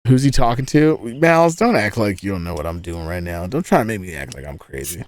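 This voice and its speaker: A man's voice: sits low, big pitch swings, fairly quick, hardly any pauses. A young man streaming from inside a tent, chatting and telling stories in a crude, joking, rambling way. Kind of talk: casual live-stream chat and storytelling.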